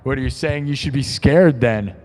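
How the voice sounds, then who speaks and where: A man's voice: medium pitch, darkish tone, heavy reverb, long reverb tail, voice pushed up, lightly acted. Man doing a creepy killer clown. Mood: menacing. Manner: slow, drawn-out taunting. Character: menacing child-eating killer clown, male.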